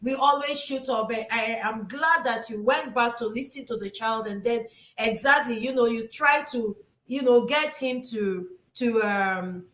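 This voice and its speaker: A woman hosting a casual discussion, talking haltingly with many fillers and restarts. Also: on the high side, a bit bright. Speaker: talk show host. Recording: echoey room.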